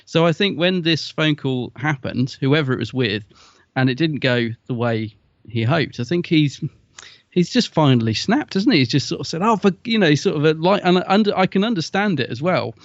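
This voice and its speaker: A man co-hosting a podcast, musing aloud in an animated, chatty way. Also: a little high, normal speed, no echo, dull audio. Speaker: podcast co-host. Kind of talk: casual podcast chat.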